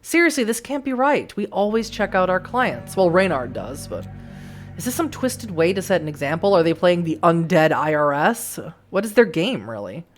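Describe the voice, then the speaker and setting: A woman's voice: on the low side, very animated, normal speed, soft background music. A woman reading aloud the part of a brash, sarcastic young vampire woman who swears freely, in a visual novel game. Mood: indignant. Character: sassy, sharp-tongued young vampire woman, cornered.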